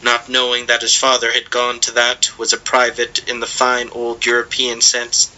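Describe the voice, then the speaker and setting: A man reading literary fiction aloud with measured, dramatic storytelling. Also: medium pitch, completely flat delivery, bright, forceful tone, poor audio. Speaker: audiobook reader.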